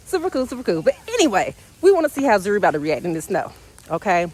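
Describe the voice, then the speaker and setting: A woman with a mid-range, slightly breathy voice talks fast and casually to the camera, vlogging about her dogs. Chatty and animated, she says "y'all" and narrates how her dogs react.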